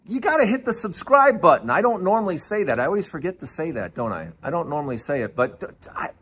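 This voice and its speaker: An excited male host with a high voice that swings up and down a lot. He teases his listeners, stammers and repeats himself as he talks on his own. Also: fast talker, husky. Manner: animated, teasing, repeats and stammers. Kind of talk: excited solo political commentary.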